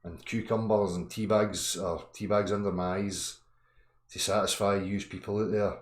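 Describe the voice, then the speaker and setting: A man's voice: on the low side, level tone, normal speed, noisy background. Swearing man ranting, roomy echo. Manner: angry, profane, swings from muttering to shouting. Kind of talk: ranting live chat. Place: indoor room.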